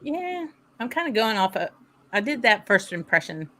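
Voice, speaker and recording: A woman's voice: medium pitch, big pitch swings, moderate pace, bright, forceful tone. A woman with a Southern American accent hosting a casual whisky tasting chat, thinking aloud and laughing often. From southern United States. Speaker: host.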